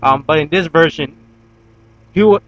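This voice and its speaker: A man's voice: a little high, moderate pace, fairly bright tone, dry recording, muffled recording. Rambling young man reviewing a TV episode. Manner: rambling with many fillers and restarts, swears when worked up. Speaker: YouTube TV reviewer.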